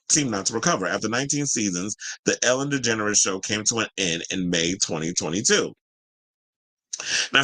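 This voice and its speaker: A man's voice: lowish voice, pushed and bright, low-quality recording. A man hosting a celebrity news commentary, reading an article aloud and breaking off into chatty opinions, sometimes stumbling over names.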